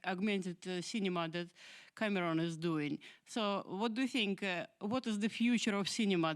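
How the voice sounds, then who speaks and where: A woman in the audience eagerly asking a series of quick questions. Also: medium pitch, fairly bright tone.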